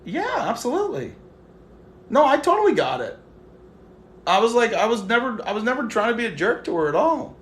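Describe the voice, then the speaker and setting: A young man telling a story on a live stream in a casual, animated way, swearing freely and acting out what he said to others. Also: very high-pitched, a little fast, pauses often, echoey room. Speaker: livestream host. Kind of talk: casual livestream chat.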